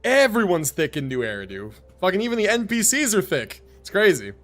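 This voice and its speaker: Animated, joking male game streamer. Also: high voice, a little fast. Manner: profane, joking and rambling. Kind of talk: casual live-stream commentary. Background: game music.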